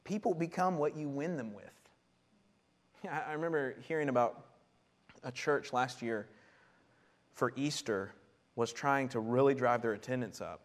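A man preaching a sermon and teaching from scripture, animated, laughing often and repeating words as he goes. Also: mid-range voice, moderate pace, long pauses. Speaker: pastor.

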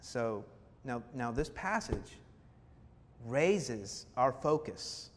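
A man's voice: very animated, drawn-out words. Earnest preaching man in a reverberant hall. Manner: earnest, building emphasis with repetition and rhetorical questions. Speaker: pastor. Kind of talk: sermon. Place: church sanctuary. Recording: reverberant hall with faint rumble.

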